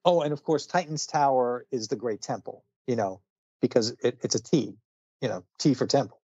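A man's voice: medium pitch, normal speed, a little mellow, slightly rough, dry recording, lo-fi sound. A man casually retelling a comic book story on a podcast, chatty, with many fillers and frequent laughs. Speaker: podcast co-host.

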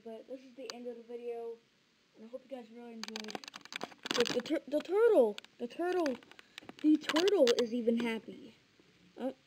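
High-voiced rambling vlogger girl. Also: very noisy. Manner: rambling, stammering repeats. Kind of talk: casual vlog chat.

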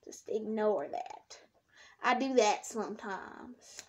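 In a slow, mid-range voice, a young woman drawls her words while chatting to a nearby camera. She is a slime vlogger, and her vlog is rambling and self-talking.

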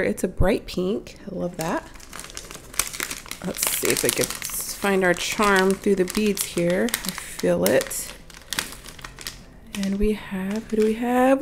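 A woman's voice: mid-range voice, takes it slowly, gravelly, a little hiss or hum. A woman hosting a toy unboxing video, chatting casually to her viewers while she strings beads, her voice a bit off from being sick. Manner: talks straight to viewers, chatty, self-correcting, little laughs. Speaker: toy unboxing channel host.

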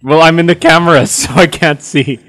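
A man's voice: fairly high pitch, steady tone, fairly quick, a bit bright. A young man in casual, crude gaming chat with friends, joking around. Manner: crude, joking, puts on silly voices. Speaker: gamer.

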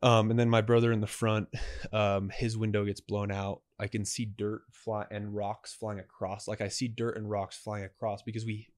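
A young man co-hosting a podcast, telling a story in a casual, animated way and acting out what people said. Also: on the low side, normal speed, dry recording. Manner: animated, acts out dialogue. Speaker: podcast co-host.

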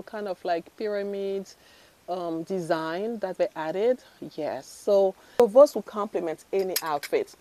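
A woman's voice: medium pitch, warm tone. A woman fashion vlogger chatting casually through a bangle try-on haul, gushing and full of fillers and restarts. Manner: gushing, chatty, lots of fillers and self-corrections.

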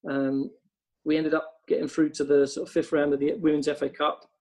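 On a podcast, a football coach tells long, casual stories, rambling through anecdotes with frequent ums. His voice is on the high side, level in tone, brisk and a little mellow. The audio quality is poor.

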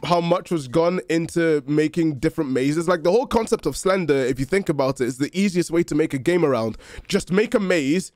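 A young man playing a horror game and commenting on it, excitable and jokey, reacting quickly and shouting when things get tense. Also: high-pitched, dry recording. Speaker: gaming YouTuber. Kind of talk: let's play commentary.

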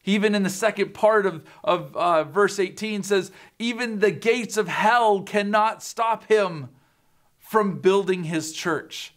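A man's voice: sits high, slow pace, fairly bright tone. A man giving an earnest sermon to students as a youth pastor, with fillers and restarts.

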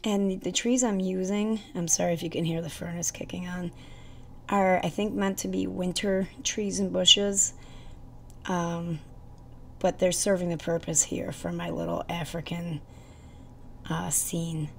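A woman's voice: lowish voice, fairly even intonation, measured pace, vocal fry, slight background noise. A woman with a stuffy nose hosting a card-making channel, chatting casually as she explains each step in a crafting tutorial voice-over.

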